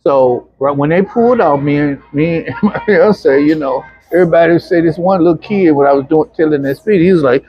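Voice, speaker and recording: Husky man telling his story. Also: on the high side, fairly quick, soft background music. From Arkansas, USA. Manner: animated, acts out the voices of people in his stories. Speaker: interview guest. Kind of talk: personal storytelling in a casual interview. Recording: dull, muffled lo-fi sound.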